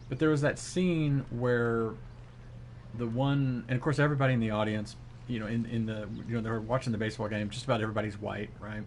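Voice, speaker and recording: A man talks casually to his chat while he plays, rambling along with plenty of fillers and restarts. His voice sits at an ordinary middle pitch. A faint noise hums behind him. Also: fairly even intonation, fairly quick, darkish tone. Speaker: live streamer.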